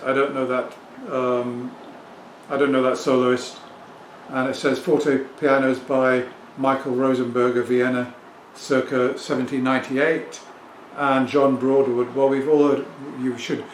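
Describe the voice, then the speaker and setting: Middle-aged English man, record vlogger, chatty and self-assured, mid-pitched voice, echoey home room. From England. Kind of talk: casual talk to camera. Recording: echoey room with faint ambient noise.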